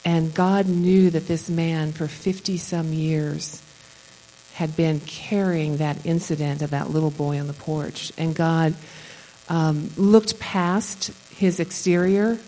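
Chatty low-voiced woman leading a session. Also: fairly even intonation, slow, mellow, a little hiss or hum, low-quality recording. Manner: rambling, chatty, laughs often between thoughts. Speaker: Christian conference session leader. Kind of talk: conversational teaching talk to a live audience.

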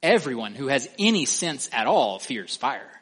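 A man preaching an expository sermon, emphatic, asking the listeners questions and slowing down or speeding up for stress. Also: medium pitch, sing-song, fairly bright tone, breathy edge. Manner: emphatic, asks the listeners questions, varies pace and volume for stress.

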